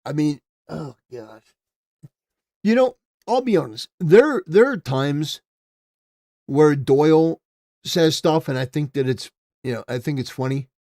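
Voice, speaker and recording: A man's voice: on the high side, darkish tone, no room sound, clean studio sound. A man hosting a political commentary livestream, talking casually with rambling, stammering restarts and swings from mumbling to emphatic.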